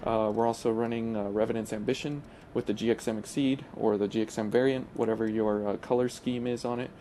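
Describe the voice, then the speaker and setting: Man, gaming channel host, casual gameplay commentary, hesitant with fillers, warm dark tone, faint hiss behind. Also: fairly low pitch, steady tone, fairly quick. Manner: hesitant, full of uh fillers and restarts.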